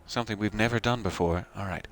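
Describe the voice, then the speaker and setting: A man's voice: lowish voice, quick pace. A man giving casual, joking commentary while playing a video game as the host of a let's play. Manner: joking, self-deprecating asides.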